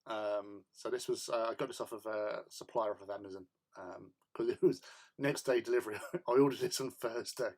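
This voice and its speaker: A man hosting a casual hobby livestream at his painting desk. He rambles in a chatty way with plenty of ums and soft laughs, and greets viewers from the chat. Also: on the low side, steady tone, moderate pace.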